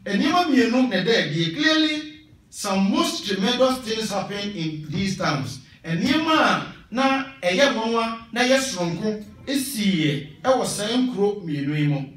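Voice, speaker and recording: Man, Ghanaian accent, preacher, high voice, emphatic sermon, heavy echo, distant mic. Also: unhurried. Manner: switches between Twi and English, emphatic and animated. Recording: echoey hall from a distance.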